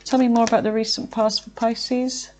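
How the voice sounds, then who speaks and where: A woman giving a casual tarot reading, chatty and filled with fillers, talking to herself as she pulls cards and sometimes slowing down to draw out her words. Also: a little high, level tone, darkish tone, slight background noise. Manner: chatty, with frequent fillers and self-talk. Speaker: tarot reader.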